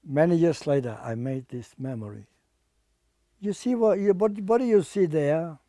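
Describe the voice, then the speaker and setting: Older man giving halting testimony. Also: fairly high pitch, dark tone, no room sound, clean studio sound. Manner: halting, repeats words, plain non-native English. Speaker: Holocaust survivor and artist. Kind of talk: personal testimony.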